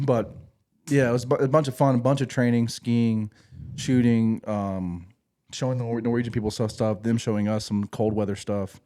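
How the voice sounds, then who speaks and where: A man, a podcast host and former Marine, telling stories in a casual, profane, animated way. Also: medium pitch, moderate pace. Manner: animated, profane, laughing storyteller. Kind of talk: casual storytelling.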